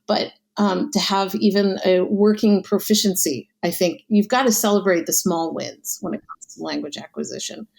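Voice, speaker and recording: A woman's voice: mid-range voice, steady tone, moderate pace, vocal fry, hardly any pauses, a little mellow. Chatty woman with a light American accent. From United States. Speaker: podcast guest. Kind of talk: casual conversation.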